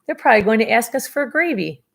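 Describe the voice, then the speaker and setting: A young crewwoman keeps her cool and jokes in a brighter, lifted voice, as a woman reading aloud puts her on. Her tone stays steady and upbeat. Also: fairly high pitch, quick pace, vocal fry, voice pushed up. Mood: joking. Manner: calm, joking. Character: calm, upbeat young woman crew member.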